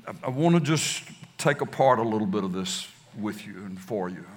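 A man preaching a sermon as pastor, leading his congregation in call and response with slow, emphatic recitation. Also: on the low side, expressive. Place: church sanctuary. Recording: distant hall reverb, faint ambience.

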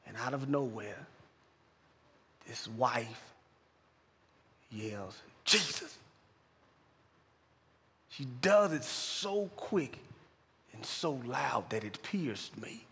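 A man preaching a sermon, telling a quiet story from his hospital chaplain work and building to loud, fervent preaching. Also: medium pitch, animated, extremely slow, long pauses, a little hiss or hum. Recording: long reverb of a large hall.

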